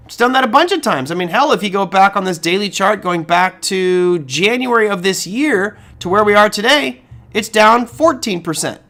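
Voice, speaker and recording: A middle-aged man hosting a live market-commentary stream, answering viewer questions in a conversational, animated way with rhetorical questions and frequent restarts. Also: sits high, normal speed.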